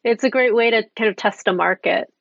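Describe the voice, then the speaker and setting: A woman's voice: fairly high pitch, fairly quick, vocal fry, fairly bright tone, no echo. A young woman in her twenties interviewing a guest, asking curious questions and affirming answers. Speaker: interviewer, student host. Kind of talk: conversational interview. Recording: dull, dry, lo-fi sound.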